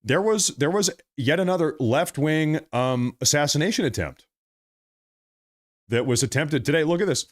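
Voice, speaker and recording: A middle-aged man hosting a live stream, reading viewer messages and commenting in a casual, animated, repetitive way. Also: on the high side, normal speed. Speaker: livestream host reading super chats.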